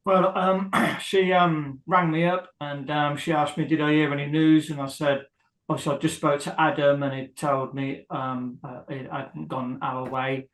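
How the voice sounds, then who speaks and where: A man's voice: a little high, level tone, moderate pace, fairly bright tone. Hesitant man in an echoey room. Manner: hesitant, many ums, rambling. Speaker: guest, husband of a prisoner. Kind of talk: emotional interview.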